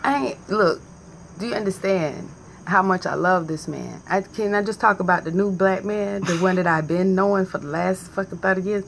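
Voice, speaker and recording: A woman vlogging in a casual, animated and profane way, joking as she compares tea bags to camera. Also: medium pitch, moderate pace, gravelly, a little hiss or hum. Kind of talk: casual chat.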